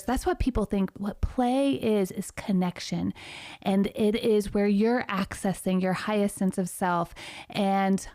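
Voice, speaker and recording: A woman's voice: medium pitch, no echo. A woman who works as a parenting coach, a guest speaking energetically and cheerfully in a casual interview. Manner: energetic, upbeat, quick and laughing.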